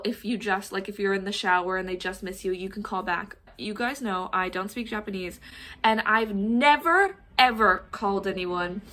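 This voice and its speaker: A young adult woman telling a story in a casual vlog, animated and swearing, laughing as she goes. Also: mid-range voice. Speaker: vlogger.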